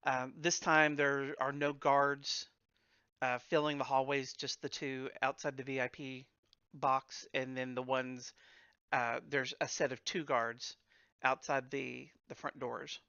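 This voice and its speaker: A man narrating as game master of a tabletop game, unhurried and full of fillers and restarts. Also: mid-range voice, little pitch movement, pushed and bright, clear, resonant tone, no echo, dull audio.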